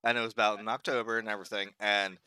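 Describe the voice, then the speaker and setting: A young man talking in a rambling, profane way, peppering every sentence with "like". His voice is bright and crisp, and the recording is close and dry. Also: on the low side, little pitch movement, very fast, dry recording. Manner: rambling, profane, heavy use of "like". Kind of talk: casual chat.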